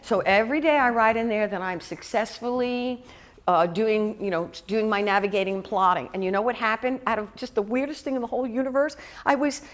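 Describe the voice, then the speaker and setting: A middle-aged woman minister giving a sermon in a lively, chatty way, with asides and quick laughs. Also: on the high side. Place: church hall.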